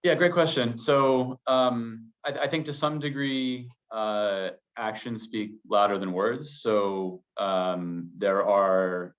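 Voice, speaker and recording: A man being interviewed as a business guest, answering in a measured way full of qualifiers. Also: on the low side. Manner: measured, hedging with many qualifiers. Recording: dull lo-fi sound.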